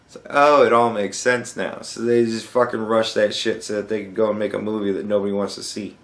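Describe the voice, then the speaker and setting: Recorded in an echoey room, a young podcast host goes on a sarcastic, profanity-laden rant. His lowish voice stays steady in tone, and he talks a little fast.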